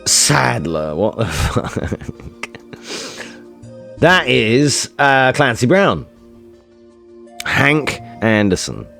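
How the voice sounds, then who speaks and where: Guy streamer goofing with chat, cusses a lot, some quiet music going behind. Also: medium pitch, very animated, drawn-out words, gravelly, long pauses. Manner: joking, swearing, reacting to chat. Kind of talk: casual live-stream chat.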